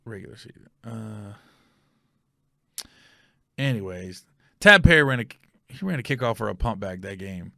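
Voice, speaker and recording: A man's voice: lowish voice, animated, normal speed, creaky, long pauses, sharp tone, no echo, studio quality. A male podcast host telling a casual, rambling story, often stopping to correct himself and check facts aloud.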